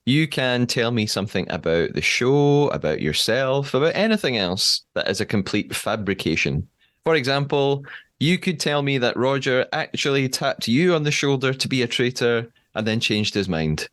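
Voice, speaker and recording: A young man hosting a podcast, reading a scripted intro and then interviewing a guest with quick laughs. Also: medium pitch, animated, fairly bright tone, no echo. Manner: upbeat, laughs often. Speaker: podcast host.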